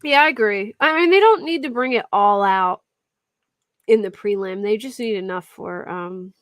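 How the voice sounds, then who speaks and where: A woman's voice: medium pitch, moderate pace, dry recording. A young woman hosting a casual true-crime live stream, chatting and answering viewers at her desk mic. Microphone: desk mic at a computer.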